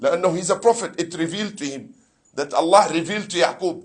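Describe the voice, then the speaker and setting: A sheikh speaks quickly and fervently in his Muharram lecture, his voice high and noticeably husky. Rhetorical questions go out to the congregation, and he slips Arabic phrases and scripture recitation into his English.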